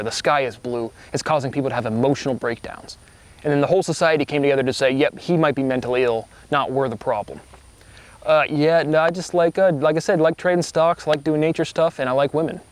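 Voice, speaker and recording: A man giving a meandering, self-assured monologue to his video audience, often trailing off, restarting and spelling out syllables. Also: on the high side. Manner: spells out words and syllables to make points. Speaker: vlogger. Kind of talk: rambling monologue to camera.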